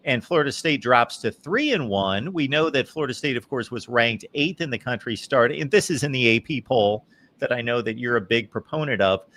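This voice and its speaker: A man's voice: mid-range voice, animated, brisk, a bit bright. A man hosting a live college football talk show, giving emphatic, opinionated commentary. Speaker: host. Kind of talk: live postgame sports talk.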